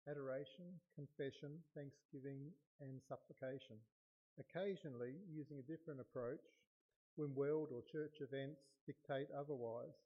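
A man, a lay preacher beginning a sermon in a calm, measured, slightly halting way. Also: a little high, slightly rough, muffled recording.

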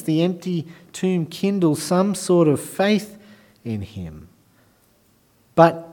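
A man preaching a sermon and reading scripture aloud. He drops to hushed, soft passages and rises to loud, emphatic declarations. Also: medium pitch.

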